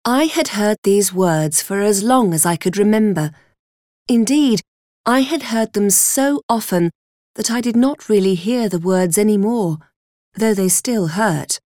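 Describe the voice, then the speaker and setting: Slow, deliberate woman storyteller. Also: mid-range voice, expressive, a little mellow, no room sound, studio quality. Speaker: audiobook reader. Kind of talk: first-person storybook narration.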